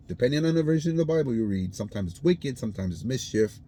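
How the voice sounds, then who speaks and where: A man's voice: medium pitch, animated, quick pace, dark tone. A man talking casually to camera about his faith, explaining things plainly and often checking in with "all right?". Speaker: vlogger.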